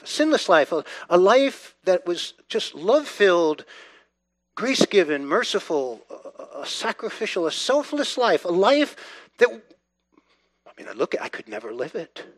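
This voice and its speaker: A pastor preaches in a fairly high voice, driving points home through repetition and swinging between near-hushed lines and loud, urgent bursts. His delivery is emphatic. The recording is dry, with no room sound at all.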